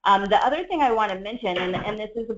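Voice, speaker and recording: Trainer leading a webinar; calm explanatory delivery, average pitch, dull lo-fi audio. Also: a little hiss or hum. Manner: measured, explanatory, with frequent fillers. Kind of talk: webinar teaching.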